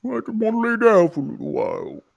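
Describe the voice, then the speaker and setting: A man's voice: high voice, huge pitch swings, fast talker, creaky, voice pushed up, full character voice. A man voicing a tired, complaining pack yak in a tabletop game. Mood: sulky. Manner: sulky complaining.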